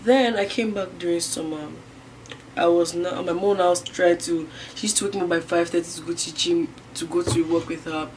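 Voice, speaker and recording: A young woman from Niger telling a personal story to camera in a rambling way, full of fillers. She swings from loud bursts to hushed near-whispers. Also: lowish voice, steady tone, moderate pace, slight background noise. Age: young adult. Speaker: vlogger.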